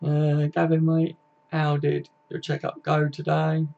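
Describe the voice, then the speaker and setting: Young male stream host, gravelly and a touch high, casual and profane, lo-fi home recording. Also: completely flat delivery, unhurried, dark tone. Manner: chatty and matey, swears often, reads chat aloud. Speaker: livestream host. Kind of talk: casual live-stream chat. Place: home computer setup.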